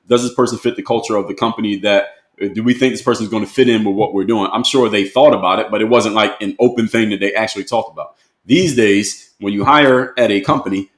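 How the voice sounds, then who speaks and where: A man's voice: medium pitch, echoey room. A man, giving blunt, emphatic commentary to camera and repeating his key points. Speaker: motivational commentator.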